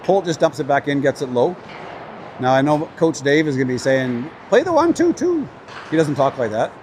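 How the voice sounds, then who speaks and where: A man's voice: medium pitch, a little fast, a little mellow, slight background noise. A man casually calling an amateur hockey game on a livestream, chatty and openly cheering for his team. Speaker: play-by-play commentator. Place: at a rink with a crowd.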